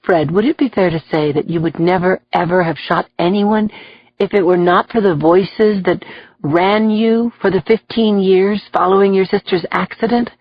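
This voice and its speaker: A woman voicing a composed male defense lawyer in an audiobook, calm and matter-of-fact. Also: medium pitch, dry recording, dull audio, close to an everyday voice. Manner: calm, measured.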